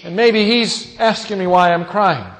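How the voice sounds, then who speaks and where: A man preaching a sermon, reading scripture and retelling it with dramatic storytelling and big swings in pitch and loudness. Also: measured pace. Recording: long hall reverb.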